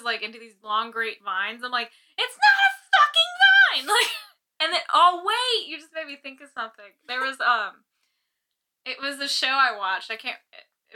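A high-voiced woman with a piercing, bright tone, talking casually on a podcast. She rants with plenty of swearing and keeps laughing between points. The sound is homemade and a little uneven. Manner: ranting, swearing, laughing often. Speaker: podcast co-host. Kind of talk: casual chat.

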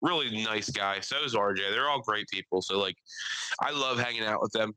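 Podcast bro telling stories, bright sharp voice, swears a lot, cracks himself up. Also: male voice, lowish voice, moderate pace, clean tone, no echo, rough recording. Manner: profane, laughing, storytelling. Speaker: podcast host. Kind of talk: casual podcast chat.

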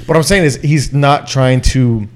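A man's voice: medium pitch, measured pace. A man hosting a podcast in casual chat. He swears constantly and talks animatedly, pushing his voice up and down to make his points. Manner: heavy swearing, animated, drops and raises his voice to demonstrate. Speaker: podcast host.

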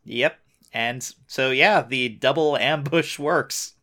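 A young man telling a story in a relaxed way, dropping frequent uhs and wry teasing asides. His pitch sits in an ordinary middle range for a man. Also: slow. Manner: lots of uh fillers, wry teasing. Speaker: podcast co-host. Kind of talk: casual recap chat.

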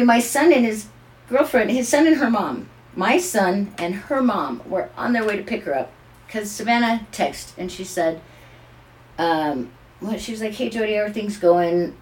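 Animated grandmother telling a family story. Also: mid-range voice, normal speed. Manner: animated, acts out voices in her stories. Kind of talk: casual storytelling chat.

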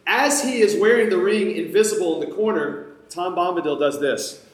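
Conversational male preacher, slightly high voice, roomy echo, talks right to the crowd. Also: normal speed. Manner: conversational, addresses the audience directly. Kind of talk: sermon storytelling. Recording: echoey room.

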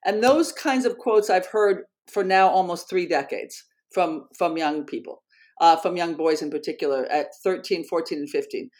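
A middle-aged woman researcher and author, telling a story as an interview guest in an earnest, animated way, with frequent restarts. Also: on the low side, normal speed.

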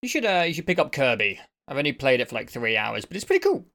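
A man's voice: medium pitch, huge pitch swings, fast talker, bright, forceful tone. A man co-hosting a casual podcast chat, answering in short, laid-back remarks. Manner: brief, laid-back replies. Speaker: podcast co-host.

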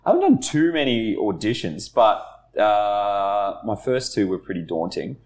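A man's voice: on the low side, very animated, unhurried, a little mellow. A man telling stories in casual podcast chat, laughing at himself and swearing casually. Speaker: podcast co-host. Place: studio.

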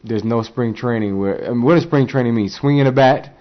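A man's voice: medium pitch, brisk, highs cut off. A man hosting a casual sports podcast, insisting on his opinions and stumbling over his words as he argues. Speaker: podcast host.

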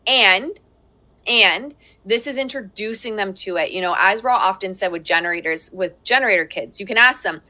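A woman's voice: medium pitch, moderate pace, pushed and bright. A woman in her thirties giving a chatty live-streamed parenting talk from home, laughing often and breaking off to speak to her children. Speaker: parenting coach hosting a live workshop. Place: at home with young children around.

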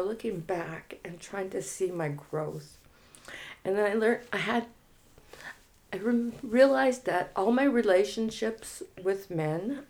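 A woman in recovery telling her personal story in a reflective, halting and frank way. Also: mid-range voice, a little mellow. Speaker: guest in recovery.

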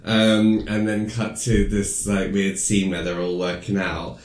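Deep-voiced man rambling through a film recap. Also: monotone, a little slow, echoey room. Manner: rambling, filler-heavy storytelling; acts out quoted lines in high squeaky voices. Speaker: podcast co-host recapping a film. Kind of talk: casual chat.

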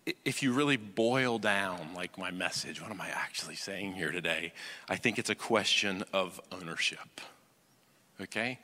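A male pastor preaching a conversational sermon, often checking "you follow me?", swinging between loud emphasis and hushed intensity. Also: low voice, moderate pace. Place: church auditorium. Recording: long reverb of a large hall.

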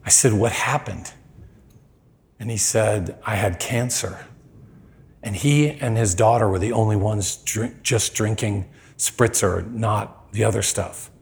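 A man preaching, telling a personal story with lively acted-out quotes. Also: on the low side, unhurried, gravelly. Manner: animated storyteller, acts out quoted lines. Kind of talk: sermon storytelling.

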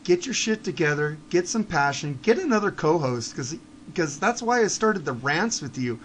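A man hosting a podcast, delivering a blunt, profane rant that swings from low muttering to shouting. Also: animated, normal speed, slight background noise. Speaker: podcast host. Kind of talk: ranting monologue.

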